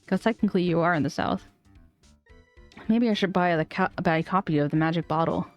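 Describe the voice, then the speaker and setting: A woman's voice: on the low side, a little fast, lo-fi sound, faint music behind. A woman streamer casually reading game dialogue aloud, with playful asides. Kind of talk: casual game read-through.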